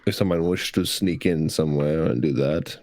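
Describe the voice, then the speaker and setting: A man joins a tabletop game with wry, amused remarks. His voice is very deep. The recording is dry and close. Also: normal speed, a little mellow, no echo. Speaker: player. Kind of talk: casual tabletop game chat.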